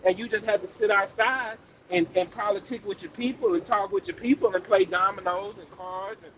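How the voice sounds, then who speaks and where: A man's voice: sits high, steady tone, fairly quick, a bit bright, muffled recording. A man co-hosting a casual podcast, laid-back and rambling, often restarting his sentences. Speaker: podcast co-host. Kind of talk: casual chat.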